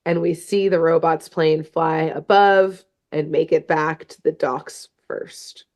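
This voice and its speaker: A woman's voice: low voice, fairly even intonation, slow pace, a little mellow. A woman co-hosting a podcast, casually recapping a cartoon episode in a rambling way, filling her talk with "like" and "um". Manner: rambling, full of "like" and fillers; laughs at her own jokes. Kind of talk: casual chat.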